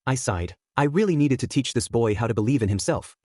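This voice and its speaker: A man narrating a first-person story in a steady, even reading voice. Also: mid-range voice, quick pace, no room sound, studio quality. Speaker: fanfiction narrator.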